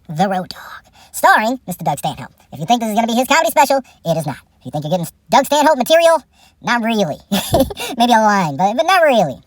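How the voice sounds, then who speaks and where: A tipsy woman hosting a comedic movie review in a rambling, profane way, often breaking into laughs. Her fairly high voice swings widely in pitch. The sound is dry and close to the mic. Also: no room sound. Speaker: host.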